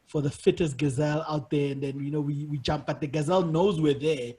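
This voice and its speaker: A man with a fairly high, husky voice hosts a podcast in casual conversation. He tells his stories in an animated way and laughs often. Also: fairly quick. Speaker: podcast host.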